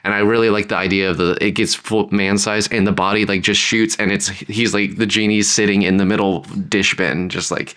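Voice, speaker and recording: A young man co-hosting a storytelling podcast, pitching story ideas in a rambling chat full of "like" fillers. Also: fairly even intonation, a little fast, few pauses, sharp tone, smooth. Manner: rambling, many "like" fillers, bursts into high comic voices. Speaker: podcast co-host. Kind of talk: casual brainstorming chat.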